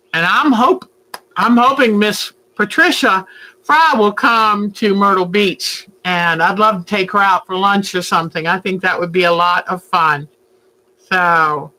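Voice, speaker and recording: A woman, hosting a casual home livestream and chatting warmly with viewers about her day. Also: mid-range voice, rough recording. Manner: chatty, talks baby talk to her pet bird. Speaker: quilting channel host. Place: at home, indoors.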